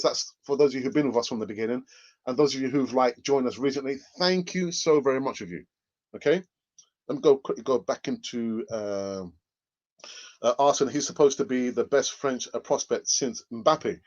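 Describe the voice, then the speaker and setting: A man hosting a casual live fan stream, joking, laughing often and reading out viewer comments. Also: medium pitch. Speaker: host of a live fan channel. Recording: dull lo-fi microphone sound.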